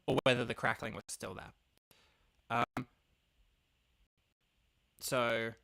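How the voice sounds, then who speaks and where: A man's voice: mid-range voice, pushed and bright. An English man from England chatting hesitantly to his live-stream chat from a home setup, with lots of filler words. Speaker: game streamer. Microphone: laptop streaming setup.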